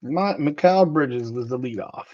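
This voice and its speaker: A man hosting a casual card-opening video, rattling off names in quick offhand lists as he goes. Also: medium pitch, expressive, dark tone. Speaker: card-breaking host. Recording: dry, slightly dull recording.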